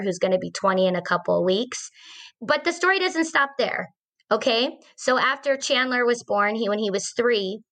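A woman's voice: medium pitch, sharp tone. A woman in her forties, a podcast host, earnestly telling a personal story in a conversational way, with fillers and restarts.

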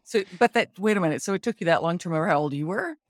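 A woman in her forties hosting a podcast, chatting in an animated, playful way. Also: on the low side, rapid-fire, no echo, clean studio sound. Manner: animated, playful, sings out words. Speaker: podcast host. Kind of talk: casual chat.

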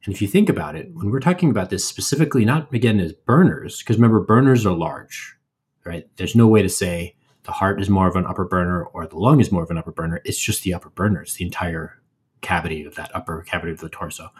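A man co-hosting a podcast, explaining things in a relaxed, casual way with playful asides. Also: low-pitched, quick pace, breathy edge. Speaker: podcast co-host. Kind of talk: casual educational chat.

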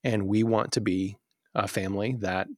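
A man guest on a podcast conversation, telling stories in an animated, earnest way with many fillers and restarts. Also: fairly low pitch, moderate pace, no echo, clean studio sound. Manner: animated storyteller, acts out family scenes.

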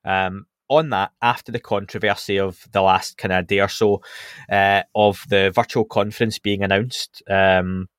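A man's voice: low voice, measured pace, clean tone, no echo, clean studio sound. A man hosting a podcast, chatting casually through show updates with plenty of ums and restarts. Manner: relaxed, chatty, with frequent fillers and restarts. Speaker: podcast host.

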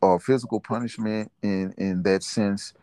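Middle-aged man, very low voice, laughs often, dry close sound. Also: steady tone, normal speed, dry recording. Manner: warm, reflective, laughs often. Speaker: interviewee, father. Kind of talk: casual family interview.

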